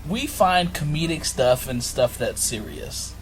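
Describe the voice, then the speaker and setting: A man's voice: fairly high pitch, big pitch swings, measured pace, noisy background. A young man co-hosting a casual podcast chat, rambling and laughing often as he mimics the people he talks about. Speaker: podcast co-host.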